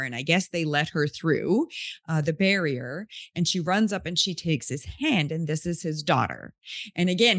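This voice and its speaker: A woman's voice: low-pitched, dry recording, studio quality. A woman podcast host telling a story in an earnest, heartfelt, casual way.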